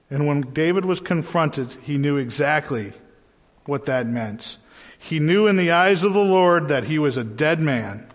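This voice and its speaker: Preacher man in a reverberant hall. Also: a little high. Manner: earnest, slows down to stress key words. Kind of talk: sermon.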